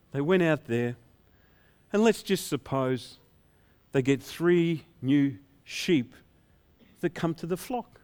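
Male preacher, fairly high voice with a wide range, playful storyteller, slow and deliberate. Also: animated, a little mellow. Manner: playful storytelling, acting out shepherds' dialogue. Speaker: pastor. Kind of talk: sermon.

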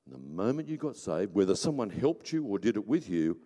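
A man preaching a sermon with passion, swinging between shouting and hushed emphasis. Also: fairly low pitch, sing-song, a little fast. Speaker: pastor. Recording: long hall reverb.

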